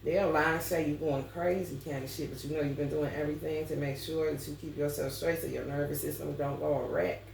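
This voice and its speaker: A woman's voice: low-pitched, fairly even intonation, fairly quick, vocal fry, few pauses, darkish tone, a little hiss or hum. A woman ranting bluntly and profanely in a casual astrology vlog. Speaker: astrology reader. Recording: roomy sound, distant mic, faint ambience.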